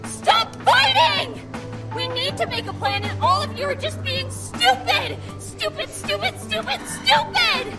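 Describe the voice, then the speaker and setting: A woman's voice: extremely high pitch, expressive, a little slow, over music, pitched above the performer's own voice. A woman voicing a frantic, bossy young demon who scolds in a screeching voice while reading a game aloud. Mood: shrieking.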